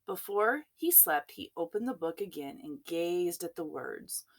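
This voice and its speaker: A woman reads a children's picture book aloud, taking her time over each phrase. Her voice is low-pitched but very lively in its rise and fall, and she sometimes drops to a hush. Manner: expressive, unhurried. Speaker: storyteller. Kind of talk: children's storybook read-aloud.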